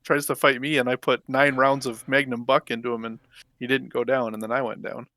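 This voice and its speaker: A man with a bright, forward voice co-hosts a casual gaming podcast, laid-back as he recounts fights from his games. His voice is recorded dry and close. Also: mid-range voice, level tone, a little fast, no echo. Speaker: podcast co-host.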